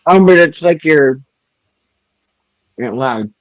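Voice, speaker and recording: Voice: mid-range voice, animated, slow, no echo. A co-host joking wryly in a casual livestream chat over a video call. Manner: wry, joking. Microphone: video call mic, muffled. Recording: muffled video call audio.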